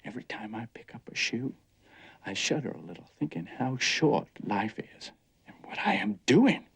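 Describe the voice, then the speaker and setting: A man's voice: mid-range voice, lively intonation, moderate pace, gravelly, fairly bright tone, husky, exaggerated voice. An actor playing a dreamy, restless young man, brooding and bitter, in a 1950s film. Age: young adult. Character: restless young man yearning to leave home. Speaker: restless son.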